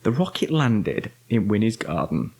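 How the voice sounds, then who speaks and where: A father reading a children's bedtime story aloud in an expressive storytelling manner. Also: fairly low pitch, unhurried, creaky, breathy edge.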